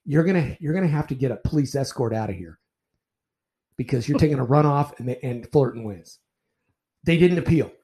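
Older male ex-umpire, dark mellow voice, salty storyteller who trips over his restarts. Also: mid-range voice, fairly quick, long pauses. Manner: profane, animated anecdotes with repeated restarts. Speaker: retired baseball umpire. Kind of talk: casual storytelling in a podcast interview.

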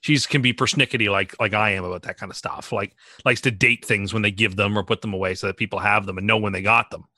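An opinionated man holding forth in casual chat, rambling and contrarian as a podcast host. His voice is bright, and the recording is very dry and close. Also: lowish voice, fairly even intonation, quick pace, few pauses, no echo.

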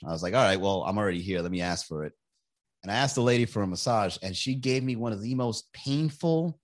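A man's voice: lowish voice, a bit bright. A man hosting a podcast, telling a rambling, crude story in a casual monologue, laughing often and acting out other people's lines. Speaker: podcast host.

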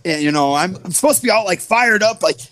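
A man in his forties from the US Midwest, a wrestler telling animated stories in an interview, full of fillers. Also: high-pitched, fast talker, no room sound, faint music behind. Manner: animated, full of fillers, acts out others' voices. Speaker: wrestler guest. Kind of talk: storytelling interview.

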